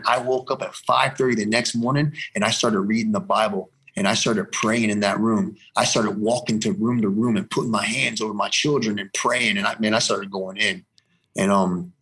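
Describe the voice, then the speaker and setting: A man's voice: on the low side, a bit bright. A man giving a personal faith testimony as an interview guest, earnest and rambling, repeating phrases for emphasis.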